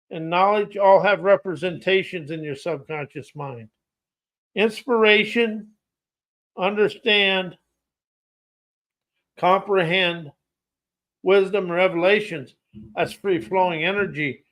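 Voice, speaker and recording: A man with a fairly high voice speaks in a slow, unhurried cadence. He hosts a podcast and delivers a spoken-word motivational monologue, pacing it in rhythmic, poetic lists of words. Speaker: podcast host.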